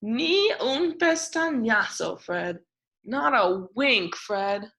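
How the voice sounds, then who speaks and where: A woman's voice: on the high side, expressive, extremely slow, gravelly, fairly bright tone, a little hiss or hum, exaggerated voice. A woman voicing a small, weary male dog in a bilingual storybook read-aloud. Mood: friendly.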